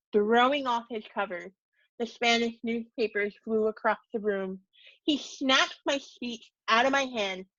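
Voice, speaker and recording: A woman teacher reading a short story aloud for her students, steady and measured, adding brief asides. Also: on the high side, no room sound, muffled recording.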